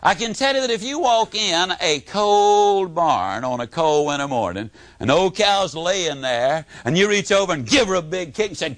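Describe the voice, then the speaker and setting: A man giving a motivational talk, telling homespun stories and swinging from booming emphasis to hushed tones. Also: animated, moderate pace, few pauses, no echo. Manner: folksy storyteller, swooping from booming to hushed. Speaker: motivational speaker.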